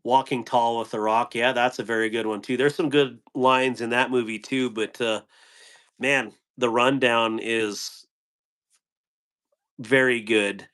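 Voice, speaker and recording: A man of middle pitch hosts a relaxed live stream. He talks in a loose, rambling way and drops one corny dad joke after another for his viewers. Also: measured pace, clean tone. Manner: rambling, telling corny jokes. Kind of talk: casual live stream chat.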